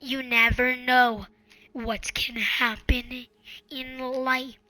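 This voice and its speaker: Earnest host, female, high bright voice, pleading and repetitive, with faint music underneath. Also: flat delivery, extremely slow, no echo. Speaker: channel host. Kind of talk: casual advice monologue.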